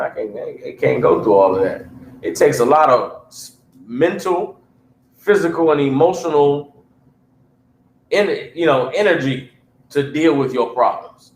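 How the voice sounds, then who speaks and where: A man teaching a livestreamed Bible class in a blunt, emphatic preaching style. He keeps asking his listeners whether they understand. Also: a little high. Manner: blunt street-level talk. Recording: roomy echo with faint hum.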